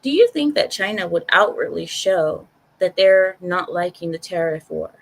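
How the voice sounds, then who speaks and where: A woman giving her opinions on a casual live stream, talking straight to her chat in an animated way and repeating phrases for emphasis. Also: fairly low pitch, moderate pace, gravelly, rough recording.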